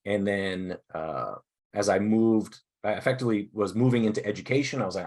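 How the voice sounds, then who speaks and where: Man, workshop presenter, video call, upbeat, halting, lowish pitch. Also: darkish tone. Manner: upbeat, halting, self-deprecating. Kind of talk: casual online workshop talk. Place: indoors at a desk.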